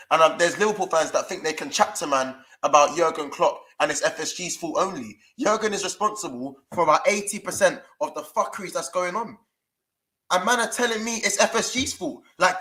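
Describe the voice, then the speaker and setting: Recorded on a camera mic with poor audio, a young man with a London accent rants furiously to camera as a fan-channel presenter, swearing and using lots of street slang. His voice sits high with a sharp tone.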